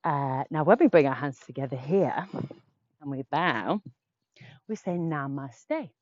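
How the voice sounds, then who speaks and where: A woman's voice: low-pitched, expressive, unhurried, muffled recording, slight background noise. A woman teaching a children's yoga class, playful and sing-song as she leads poses and tells a little story.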